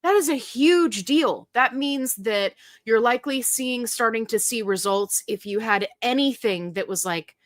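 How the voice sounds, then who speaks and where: A woman's voice: on the high side, measured pace, hardly any pauses, no room sound, studio quality. A woman hosting a casual live stream, chatting and greeting viewers by name in a bubbly, upbeat way. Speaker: livestream host.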